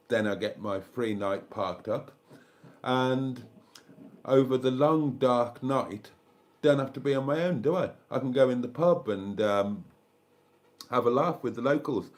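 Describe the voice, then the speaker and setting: Older man, South Welsh accent, live-stream host, rambling casual chat, mid-pitched voice. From South Wales. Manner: rambling and chatty, thinking aloud, thanking viewers.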